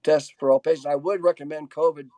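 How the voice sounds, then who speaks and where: A man answers audience questions over a video call. His voice is mellow and a bit high, heard dry and close. He stops, restarts and fills gaps as he reads the questions out. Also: steady tone, fast, no room sound. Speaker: webinar speaker answering questions. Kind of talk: casual Q&A in a webinar.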